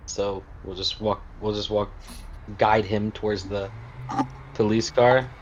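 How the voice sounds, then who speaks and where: A man plays a tabletop game, speaking in an easygoing, halting way in character. The recording sounds dull and lo-fi, with faint noise underneath. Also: fairly low pitch, steady tone. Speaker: player. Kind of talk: casual tabletop role-play.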